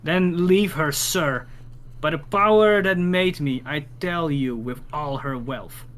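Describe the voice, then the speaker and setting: A man's voice: fairly high pitch, takes it slowly, fairly bright tone. A man reading a proud, raging old king in a verse play, declaiming the lines. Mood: wrathful.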